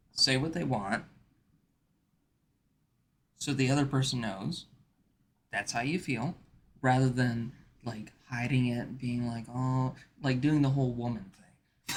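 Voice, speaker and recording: A man's voice: mid-range voice, a bit bright, slight background noise. A man streaming, chatting casually in a rambling way with many fillers and restarts. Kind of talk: casual chat.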